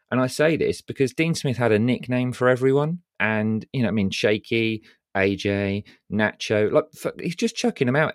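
A man co-hosting a football fan podcast, his voice sitting very low. He presses his points hard, repeating them for force. The sound is close and dry. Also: no room sound. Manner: emphatic, insistent repetition. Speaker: podcast co-host. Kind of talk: casual football podcast chat.

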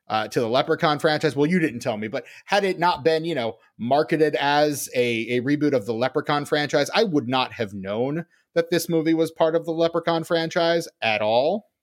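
A man hosting a casual film podcast, joking and punning as he talks. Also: fairly high pitch. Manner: jokey, punning, animated. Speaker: podcast host.

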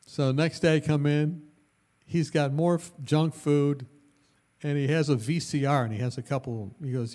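A male pastor telling a story in a sermon, animated and lively, with bursts of loudness and laughter. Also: on the high side, normal speed.

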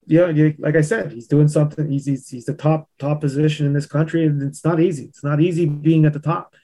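A man's voice: fairly high pitch, steady tone, fairly quick, mellow. A man who owns a landscaping business, a podcast guest talking frankly and profanely, often saying "you know.". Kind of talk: casual conversation.

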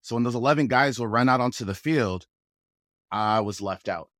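A man's voice: mid-range voice, moderate pace, no room sound. Laid-back storytelling man, dry sound. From Pacific Northwest, USA. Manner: relaxed, chuckles often, acts out quoted voices. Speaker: guest, rapper and actor. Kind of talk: casual conversational storytelling.

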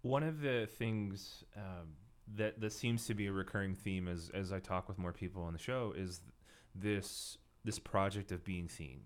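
A man's voice: deep voice, measured pace. A man hosting a podcast, asking questions in a hesitant, searching way. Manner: hesitant, searching, many fillers and restarts. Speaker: podcast host. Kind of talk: interview questions.

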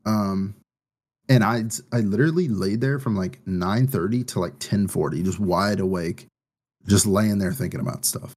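A man's voice: lowish voice, normal speed, a little mellow. A man co-hosting a podcast in casual chat, talking in a loose, rambling way full of fillers, anxious about his first baby. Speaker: podcast co-host.

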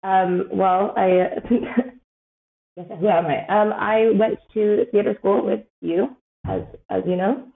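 Her voice is medium-pitched, steady in tone, slow and gravelly. The guest, a Canadian woman in her thirties, rambles casually on a podcast, laughing a lot and leaning on fillers, all through a tinny phone-like connection.

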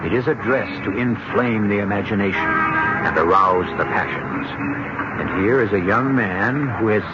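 A middle-aged man hosting a radio mystery show, giving measured, wry, theatrical scripted narration. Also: lowish voice. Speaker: host. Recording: dull lo-fi radio broadcast with music.

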